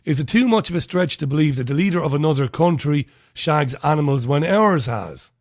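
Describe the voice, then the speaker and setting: A man's voice: fairly high pitch, brisk, darkish tone, no room sound, clean studio sound. A man with an Irish accent hosting a talk radio show, giving blunt, scornful commentary and reading out listener messages.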